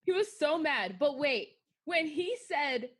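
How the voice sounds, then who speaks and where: A woman's voice: high-pitched, lively intonation, measured pace, fairly bright tone. A woman from Atlanta co-hosting a casual wrestling podcast, blunt and swearing freely, often laughing as she talks. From Atlanta, USA. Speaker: podcast co-host.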